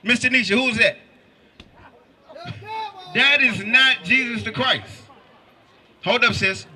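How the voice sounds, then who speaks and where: A man's voice: very high voice, slow pace. A man preaching on a city street, firing pointed questions at passersby. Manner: forceful, quizzes listeners with pointed questions.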